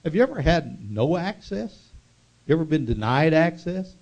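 A man's voice: on the high side, big pitch swings, normal speed, a little mellow. A male pastor preaching a sermon with call-and-response, telling stories and building to fervent proclamation.

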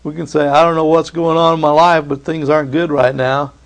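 A man's voice: a little high, level tone, a little fast. A man preaching a sermon, reading scripture and acting out the voices of biblical figures.

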